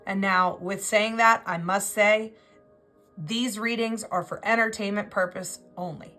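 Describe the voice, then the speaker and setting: A woman's voice: mid-range voice, fairly even intonation, measured pace, bright, forceful tone, faint music behind. A woman giving an intuitive tarot reading, talking in an emotional, rambling way and often restarting her words. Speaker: tarot reader.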